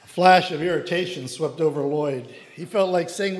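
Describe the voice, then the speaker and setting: A man reading a devotional story aloud in a measured way, acting out the characters, in a reverberant hall. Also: on the high side, animated.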